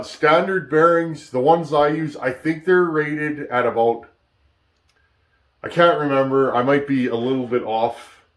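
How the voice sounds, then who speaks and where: A man hosting a casual workshop tutorial, thinking aloud as he works, restarting sentences and checking in with "okay?" often. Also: medium pitch. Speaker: chainsaw builder and channel host.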